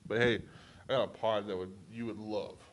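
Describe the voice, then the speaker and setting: A man's voice: fairly low pitch, fairly even intonation, normal speed. A man with a Texan accent hosting a podcast in loose, profane, rambling chat. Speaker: podcast host. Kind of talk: casual chat.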